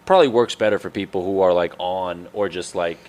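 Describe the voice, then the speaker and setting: A man who is a comedian guest, talking in casual chat, hesitant and soft-spoken, with many fillers. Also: low voice, brisk.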